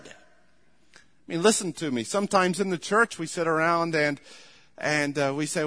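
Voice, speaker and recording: A male pastor preaching a sermon emphatically, repeating "listen to me" and breaking into loud commands. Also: a little high, unhurried, pauses often. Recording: long reverb of a large room.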